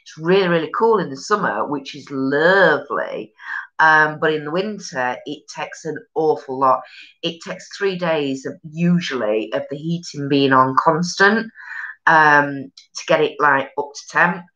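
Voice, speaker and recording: Yorkshire lass rambling on her live stream, blunt and sweary, deep voice w a sharp edge. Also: a little slow, dull audio. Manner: chatty, rambling, blunt, sweary with broad northern slang. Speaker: live stream host reading viewer comments. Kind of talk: casual chat.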